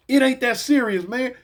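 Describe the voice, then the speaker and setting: A man's voice: very high-pitched, gravelly, pitched above the performer's own voice, exaggerated voice. A man voicing a nervous, apologetic male inmate who pleads and keeps repeating "man".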